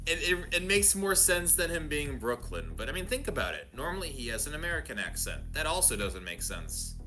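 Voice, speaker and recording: A woman co-hosting a game stream in casual chat, playful and quick to laugh and joke. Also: low-pitched, sing-song, bright, forceful tone, soft background music. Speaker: co-host playing along.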